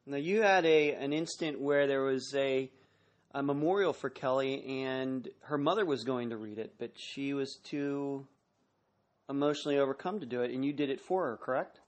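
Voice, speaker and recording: A man's voice: mid-range voice, moderate pace. A man hosting a radio interview in a conversational, encouraging way. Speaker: radio host.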